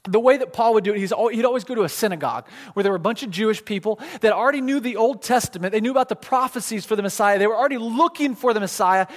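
A man preaching a sermon in a casual, conversational way, pointing things out on a map with plenty of fillers and restarts. His voice sits high for a man. The sound carries a long reverb, as in a big church hall. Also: rapid-fire, few pauses. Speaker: pastor.

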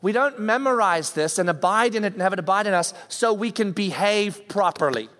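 A man's voice: high voice, lively intonation, a little fast, a bit bright. A man preaching a conversational sermon as a pastor, acting out everyday reactions, recorded with a long hall reverb.

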